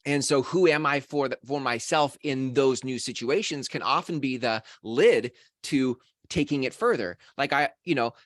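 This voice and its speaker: A man's voice: medium pitch, normal speed, hardly any pauses, fairly bright tone, no room sound, studio quality. A man hosting a podcast who reflects thoughtfully on his own experience in a casual conversation. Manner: listens with frequent murmured agreement, then reflects thoughtfully. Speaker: podcast host.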